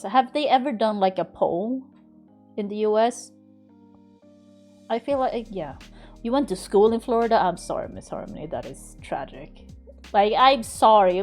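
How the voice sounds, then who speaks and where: A woman's voice: medium pitch, a little mellow. A woman from Sweden with a faint Swedish accent under American-sounding English, chatting casually on a live game stream, laughing often and swearing freely. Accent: faint Swedish under an American-learned English. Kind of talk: casual live-stream chat while gaming.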